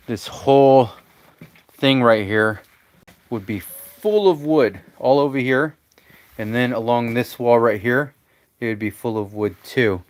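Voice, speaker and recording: A man's voice: fairly low pitch, no echo. A man vlogging outdoors by a campfire at a remote cabin, talking in an easygoing, chatty way to his dog and to viewers. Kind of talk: casual live-stream chat.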